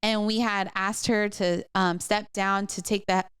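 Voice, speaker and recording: A woman's voice: mid-range voice, flat delivery, a little slow, a bit bright, clear, resonant tone, no echo, clean studio sound. A middle-aged woman, a pastor co-hosting a podcast, telling a personal story in casual chat with many fillers and restarts. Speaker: co-host pastor.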